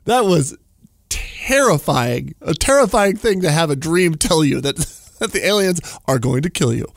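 A man's voice: a little high, sing-song, normal speed, gravelly, no room sound. A man in his forties telling a long story in a rambling, casual way, full of "like" and little chuckles, from a studio. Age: 40s.

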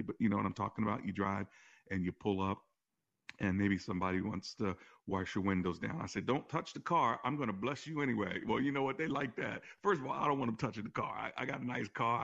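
A man who is a pastor, hosting a call-in faith talk show and telling stories in an animated way, his voice often jumping higher. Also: vocal fry, dull audio. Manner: animated storytelling with sudden rises in pitch. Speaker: pastor and radio show host.

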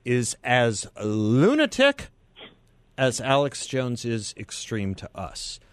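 A man hosting a political talk radio show, speaking in deliberate, drawn-out emphatic phrases. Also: mid-range voice, clean tone, no room sound. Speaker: radio host.

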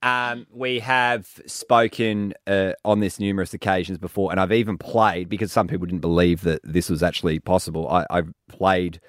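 With few pauses and at normal speed, a low-voiced Australian man hosting a radio show spins an animated tale, voicing the other characters himself. The casual chat comes from a radio studio, captured at studio quality with no room sound.

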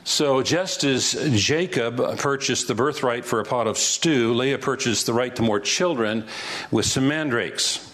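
A man's voice: mid-range voice, unhurried, fairly bright tone. Conversational man teaching the Bible. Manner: conversational, rhetorical questions, occasional chuckle. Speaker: pastor.

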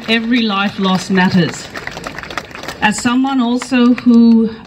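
A woman's voice: mid-range voice, slight background noise, low-quality recording. Earnest woman giving a rally speech. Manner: earnest, rousing, repeats phrases for emphasis. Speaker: politician speaking at a rally. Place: outdoor rally in a park.

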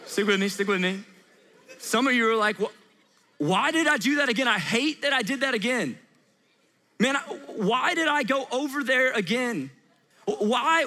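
A man's voice: high-pitched, pushed and bright. A young adult man preaching a sermon as a pastor, earnest and conversational, repeating his phrases for emphasis. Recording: long reverb of a large hall.

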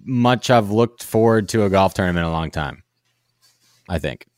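A man's voice: sits low, animated, moderate pace, dry recording, studio quality. A young man co-hosting a podcast, laid-back and wry, laughing easily. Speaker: podcast co-host. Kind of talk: casual chat.

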